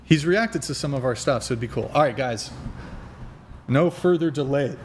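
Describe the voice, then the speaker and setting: A young man chats loosely on a livestream, rambling from one thought to the next and swearing casually. His voice sits in a middle pitch, picked up by a desk mic at home. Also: moderate pace, slight background noise. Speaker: host.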